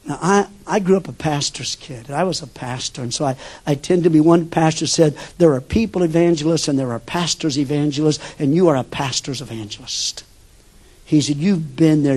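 Animated older male preacher, fairly high voice. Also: slightly rough. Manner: animated storyteller, swings between loud bursts and hushed asides. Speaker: pastor. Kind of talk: sermon.

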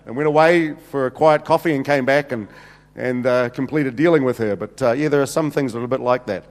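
Joking New pastor in a hall. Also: male voice, mid-range voice, a little fast. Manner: chatty, jokey, many restarts and "you know"s. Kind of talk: humorous sermon storytelling. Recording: reverberant hall.

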